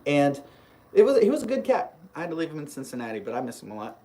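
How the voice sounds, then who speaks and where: A live stream host with a medium-pitched voice talks fast, telling a long personal story in a loose, rambling way. She keeps restarting her sentences, stays animated throughout, and reads viewer comments aloud before answering them.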